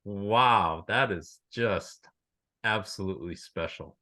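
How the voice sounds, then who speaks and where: A man's voice: lowish voice, slow pace, bright, forceful tone, dry recording. A man hosting an interview, effusive in his praise and repeating words as he starts his sentences. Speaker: host. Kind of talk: casual interview talk.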